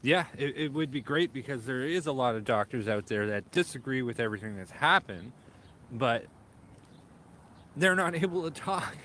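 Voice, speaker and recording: A man co-hosting a walking livestream, recorded outdoors on a cold street. He argues his political points emphatically and with indignation. Traffic and street noise are clearly audible around him. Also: mid-range voice, animated, normal speed, pushed and bright. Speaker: co-host. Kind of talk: opinionated political commentary.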